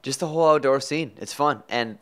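Young guy cohosting a podcast, jokey, grumbles a lot, mid pitch. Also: brisk, a bit bright. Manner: joking, exaggerated complaints with mild swearing. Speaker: podcast co-host. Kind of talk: casual chat between roommates.

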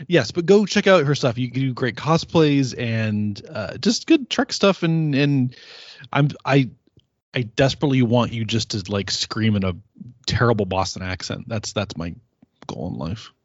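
A man's voice: medium pitch, expressive, moderate pace, no echo. A man hosting a casual podcast chat, rambling and correcting himself and laughing often. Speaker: podcast host. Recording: slightly muffled dry podcast audio.

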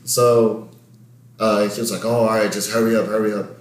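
A man's voice: lowish voice, normal speed, a little hiss or hum. A young man casually telling a long story in heavy slang with lots of swearing, as a podcast host. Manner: slangy, profane, animated storytelling. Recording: echoey room.

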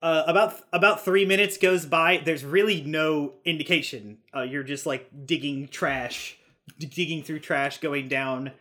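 A man's voice: fairly high pitch, steady tone, measured pace, bright, forceful tone. Laid-back male game master. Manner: casual, loose narration full of fillers and chuckles. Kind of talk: narrating a tabletop game.

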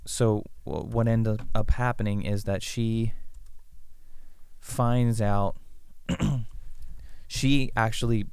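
A man with a low, smooth voice talks through a thriller idea in a loose, rambling way, leaning on fillers. He often slips into the lines of the people in the story. The sound is close and dry. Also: steady tone, slow pace, long pauses, a little mellow, no echo. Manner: rambling pitch, acting out quoted lines with lots of fillers. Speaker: screenwriter pitching a story. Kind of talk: casual writers' room brainstorm.

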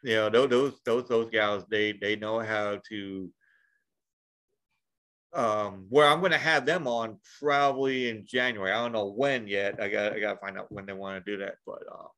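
A man's voice: on the low side, moderate pace, a bit bright. A man chatting casually on a podcast, rambling with lots of restarts and the odd swear. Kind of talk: casual chat.

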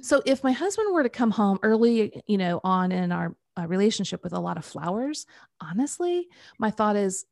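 A middle-aged woman coaching on the Enneagram, telling animated personal stories and acting out what people said. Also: medium pitch, a little fast, vocal fry, few pauses, no echo, studio quality. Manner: animated storytelling, acts out quoted voices. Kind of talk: conversational podcast talk.

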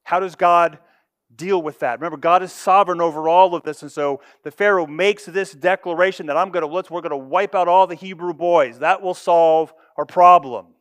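A man preaching a sermon, with expressive delivery that moves from loud emphasis to hushed asides. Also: high-pitched, normal speed, dry recording. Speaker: pastor.

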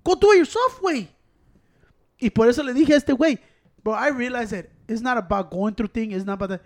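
Fast-talking high-voiced man. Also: darkish tone. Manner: blunt, profane, says güey constantly. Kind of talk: casual chat, mixing Spanish and English.

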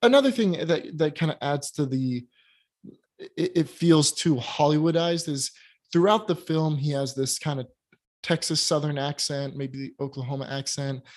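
A man's voice: fairly high pitch, moderate pace. A man co-hosting a casual film review chat, giving candid and critical opinions with plenty of hesitations and restarts. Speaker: podcast co-host reviewing films.

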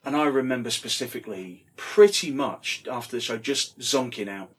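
Guy rambling thru a story, husky voice, swears a lot. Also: medium pitch, normal speed. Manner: swears casually, rambling with fillers. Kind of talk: casual anecdote.

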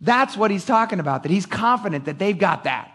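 A middle-aged man preaching a casual sermon in a bright, fairly high voice. He talks like he's chatting with the congregation, lively and animated, acting out little scenes and laughing as he goes. The delivery is relaxed and conversational rather than formal. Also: brisk. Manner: conversational, animated, acts out quotes, laughs often. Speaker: pastor.

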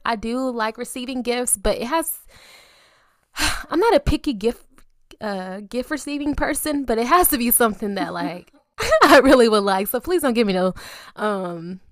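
A woman's voice: a little high, lively intonation, normal speed, no room sound, clean studio sound. A young adult woman co-hosting a podcast in casual chat, playful and slangy, laughing often. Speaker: podcast co-host.

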